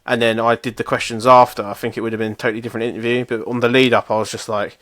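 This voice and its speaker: Young male co-host, rambling self-mocking storyteller, mid-pitched, dry recording. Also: level tone, racing, few pauses, fairly bright tone, no echo. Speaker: podcast co-host. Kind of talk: casual chat.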